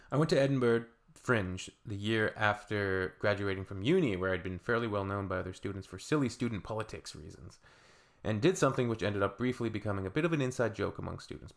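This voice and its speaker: Brief: low-voiced Canadian guy, reading comments, deadpan sarcastic asides. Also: creaky. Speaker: reaction video host.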